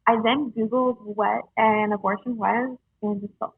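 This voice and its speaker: A young woman telling her personal story in a halting, earnest way, with many fillers, heard over a tinny phone-like line. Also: on the high side, steady tone, slightly rough, no room sound. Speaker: guest sharing her story. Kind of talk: casual storytelling.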